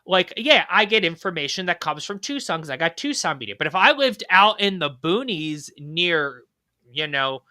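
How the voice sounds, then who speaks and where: Podcast host, bright high voice, dry sound, profane rambling questions. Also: male voice, very animated, moderate pace, dry recording. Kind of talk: casual political podcast chat.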